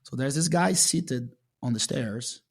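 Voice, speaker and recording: A man's voice: medium pitch, unhurried, vocal fry, breathy edge. A man whose first language is Portuguese, a jiu-jitsu champion telling stories in a casual interview and acting out his own past lines.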